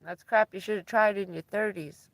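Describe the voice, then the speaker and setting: A woman's voice: medium pitch, fairly even intonation, moderate pace, no echo. A woman livestreaming from inside her van, chatting casually with viewers and laughing often as she tells stories.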